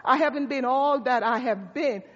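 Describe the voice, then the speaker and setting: A woman's voice: sits high, normal speed, fairly bright tone. A woman pastor preaching a sermon, telling a story in a conversational way with asides to her congregation. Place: church sanctuary. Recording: dull sound with long hall reverb.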